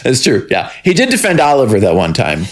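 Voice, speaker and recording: A man's voice: medium pitch, wildly swooping pitch, fairly quick. Rambling laid-back male podcast co-host. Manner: rambling, laughs often, breaks into silly singing. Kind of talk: casual chat recapping a TV show.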